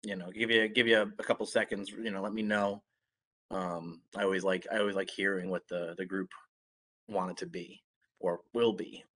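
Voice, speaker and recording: A young adult man, his voice deep and congested as if just recovering from illness, gives a casual online talk as a guest speaker. He speaks at a moderate pace in a relaxed way, with lots of fillers and restarts.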